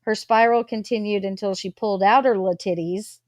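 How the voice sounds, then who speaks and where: A woman's voice: medium pitch, fairly even intonation, fairly quick, a little mellow, no echo, clean studio sound. A woman hosting a live stream, recounting news with many fillers. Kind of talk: casual live-stream recap.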